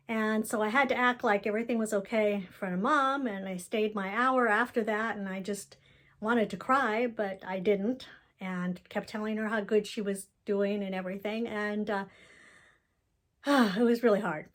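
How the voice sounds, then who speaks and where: A woman's voice: mid-range voice, steady tone, normal speed, fairly bright tone. A woman giving a candid, rambling personal video update about her family, telling the story with emotion.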